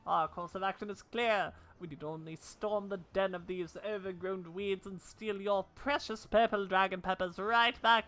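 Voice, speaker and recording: A woman voicing a theatrical, bumbling gentleman inspector in a video game, speaking in old-fashioned formal phrasing. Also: medium pitch, steady tone, normal speed, hardly any pauses, close to an everyday voice. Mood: dramatic.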